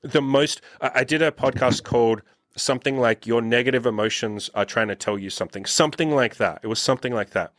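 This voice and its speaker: A blunt, profane man talks through a casual podcast conversation and keeps slipping into the voices of the people he quotes. His voice sits at an ordinary middle pitch, and the sound is dry and close, with no room around it. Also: fairly quick, a bit bright, no echo. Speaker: podcast host and dating coach.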